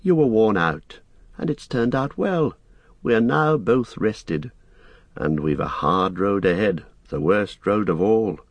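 Man playing a weary young hobbit, soft resigned tone, husky, lively pitch, dry close sound. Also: slow pace, no echo, exaggerated voice. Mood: weary, gentle. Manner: soft-spoken and resigned, warmly earnest. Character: weary, gentle young male hobbit leader. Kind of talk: audiobook character voice.

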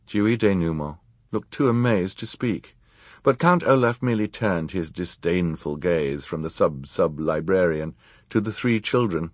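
A man narrating an audiobook in an expressive, measured way. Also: deep voice, no echo, clean studio sound. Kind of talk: scripted narration.

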